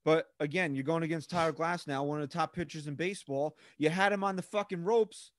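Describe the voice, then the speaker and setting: A man talks sports in a blunt, exasperated way and keeps calling his co-host bro. His voice sits a bit high, and the sound is dry and close to the mic. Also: brisk, no echo. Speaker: podcast co-host. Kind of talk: casual sports podcast banter.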